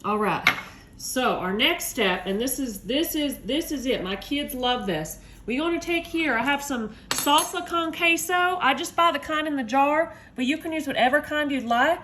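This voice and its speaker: Chatty high-voiced mom cooking at home. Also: female voice, fairly bright tone, slight background noise. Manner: upbeat, chatty, addresses viewers as y'all. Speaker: home cook, mother. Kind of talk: casual cooking video chat.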